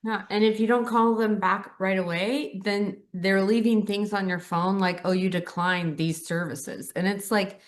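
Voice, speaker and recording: A woman's voice: medium pitch, steady tone, moderate pace, hardly any pauses. Frank, exasperated woman co-host. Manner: frank and exasperated, short agreeing replies. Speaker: podcast co-host. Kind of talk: casual heartfelt conversation.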